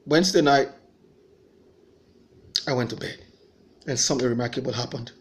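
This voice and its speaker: A man's voice: mid-range voice, steady tone, normal speed. A man giving an earnest personal faith testimony, telling his story and voicing remembered dialogue.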